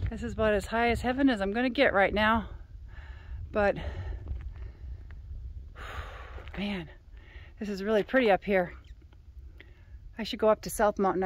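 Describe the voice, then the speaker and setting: A woman filming a casual vlog outdoors on a mountaintop, slightly out of breath and chatting to her viewers on a handheld camera. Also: mid-range voice. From Arizona. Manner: chatty, talks to her dog. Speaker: vlogger.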